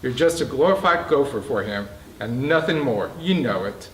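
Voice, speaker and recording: A man's voice: medium pitch, expressive, normal speed, a bit bright, natural voice. A man reading the part of a determined man who speaks in a tight, firm voice while holding his anger in check. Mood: tense. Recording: roomy, distant mic.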